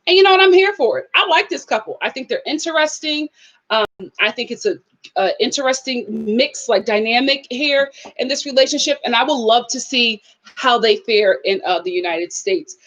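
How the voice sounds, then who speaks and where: High-voiced woman giving a chatty, sassy review. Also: moderate pace. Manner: animated, laughing, acts out quotes, sassy asides. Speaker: reality TV reviewer. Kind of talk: casual live review chat.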